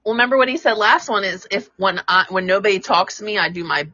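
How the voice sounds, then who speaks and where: A woman's voice: medium pitch, fast talker, sharp tone, no echo. Woman rambling on a podcast, kinda muffled lo-fi mic. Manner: rambling storyteller, laughs easily. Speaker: podcast co-host. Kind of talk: casual chat.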